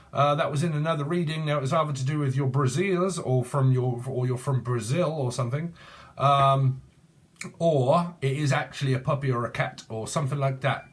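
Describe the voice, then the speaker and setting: A man giving a rambling, playful tarot reading, free-associating and laughing often. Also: medium pitch. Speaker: tarot reader.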